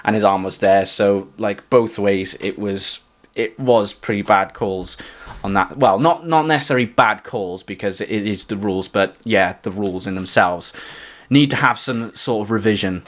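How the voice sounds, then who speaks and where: A man's voice: lowish voice, moderate pace. A young man co-hosting a podcast, talking casually about football in a rambling way full of fillers. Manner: rambling, filler-heavy, "like" often. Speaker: podcast co-host.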